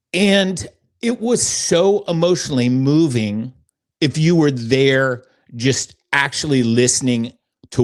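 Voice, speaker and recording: A middle-aged man talks on a faith podcast, earnest and visibly moved as he tells a long story. His speech wanders, full of fillers and restarts, and sits at an ordinary pitch for a man. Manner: earnest, emotional, rambling with fillers. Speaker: podcast host.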